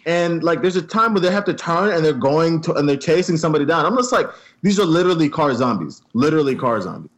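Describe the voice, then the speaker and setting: Excitable ranting man. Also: fairly high pitch, quick pace, few pauses. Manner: excitable, ranting, many "I mean" fillers. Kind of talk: casual movie review chat.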